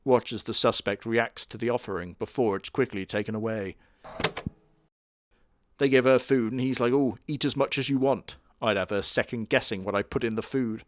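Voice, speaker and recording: A man's voice: lowish voice, fairly even intonation, moderate pace. A man giving crude, sardonic comedic commentary on an anime. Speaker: anime reviewer.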